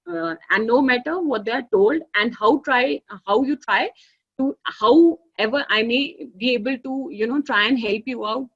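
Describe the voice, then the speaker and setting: A fairly high-voiced woman with an Indian English accent lectures an online class, leaning on "you know" and "okay" as she explains. The sound is dull and lo-fi, like laptop audio. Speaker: teacher.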